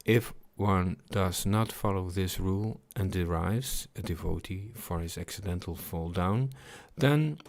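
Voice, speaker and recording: Slow, gravelly-voiced man reading scripture. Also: sits low. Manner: reflective, pauses often, repeats words. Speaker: scripture reader. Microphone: computer mic on a livestream.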